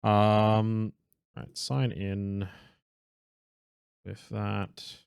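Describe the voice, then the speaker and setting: A man's voice: on the low side, completely flat delivery, extremely slow, vocal fry, darkish tone, clean tone, no echo, studio quality. A young man casually commenting on his own game stream, rambling, correcting himself, swearing and laughing now and then. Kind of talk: casual live gameplay commentary.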